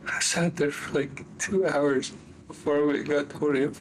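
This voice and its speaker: A man confessing in a police interview, talking in a halting, rambling way full of fillers. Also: fairly high pitch, steady tone, slight background noise, low-quality recording. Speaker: suspect confessing.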